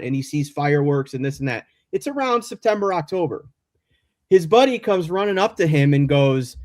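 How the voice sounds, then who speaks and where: A man's voice: fairly high pitch, expressive, brisk, darkish tone. A man from the Chicago area, a guest on a remote call, telling rambling stories full of tangents and apologies. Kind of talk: casual chat. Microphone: remote call mic.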